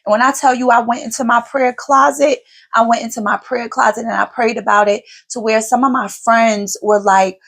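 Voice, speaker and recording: An expressive woman in her forties tells family stories on her own podcast. Her delivery is emphatic and colloquial, with a fairly high voice. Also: normal speed, vocal fry. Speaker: podcast host, mother. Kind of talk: casual conversational storytelling.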